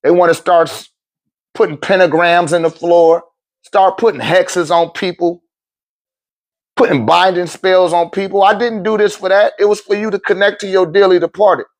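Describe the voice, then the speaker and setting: A man ranting to his livestream viewers as a spiritual teacher, blunt, profane and animated, laughing often between phrases. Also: moderate pace. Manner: animated, swings between loud outbursts and low muttering. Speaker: spiritual teacher and seller of metaphysical goods.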